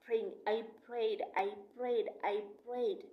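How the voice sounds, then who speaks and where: A young woman vlogging about her baby twins, emotional and halting, with many restarts and repeats. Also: on the high side, fairly even intonation, narrow, tinny audio. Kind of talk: casual personal vlog talk.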